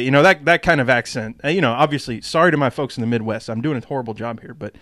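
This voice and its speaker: An American man hosting a podcast in casual, animated, jokey chat. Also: mid-range voice, fast, few pauses, no echo, studio quality. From Texas, USA. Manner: animated, jokey, puts on silly voices. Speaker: podcast host.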